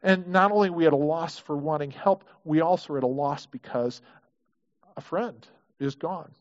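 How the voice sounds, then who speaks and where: A man's voice: on the high side, normal speed, lo-fi sound. A man preaching a sermon in a conversational way, often acting out the people in the story and repeating words as he restarts. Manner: conversational, acts out quoted prayers, frequent restarts. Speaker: pastor.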